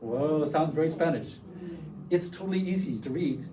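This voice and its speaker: A man giving a lively teacher workshop, demonstrating foreign words and sounding them out for the room. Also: fairly high pitch, normal speed, far from the mic, a little hiss or hum, rough recording. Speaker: workshop presenter. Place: lecture room.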